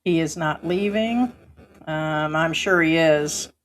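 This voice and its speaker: A woman's voice: low-pitched, slow. A woman hosting a livestream who reads viewer comments aloud and answers them in an emphatic, indignant way. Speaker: livestream host. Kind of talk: live chat commentary.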